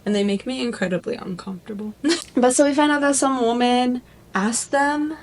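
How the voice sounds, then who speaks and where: A woman's voice: fairly high pitch, normal speed, poor audio. Rambling woman vlogger retelling a story. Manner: rambling, lots of "like", animated. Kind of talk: casual plot retelling.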